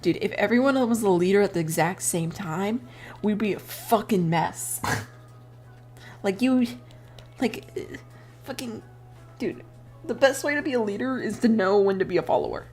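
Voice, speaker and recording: A woman's voice: medium pitch, moderate pace, long pauses, darkish tone, faint music behind. A woman in her twenties chatting casually while drawing on stream, rambling, swearing freely and laughing often.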